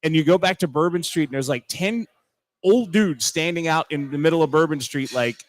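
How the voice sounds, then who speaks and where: A man guesting on a live radio show from a bar, telling animated stories and mimicking accents. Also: fairly high pitch, brisk. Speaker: TV reporter guest. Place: bar, live remote broadcast.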